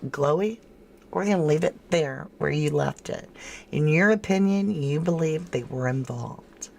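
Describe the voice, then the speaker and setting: Low, slow-talking woman hosting a livestream. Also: vocal fry, a little mellow. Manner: talkative, incredulous, thinks aloud and answers chat by name. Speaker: true crime livestream host. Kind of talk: casual livestream commentary reading viewer comments.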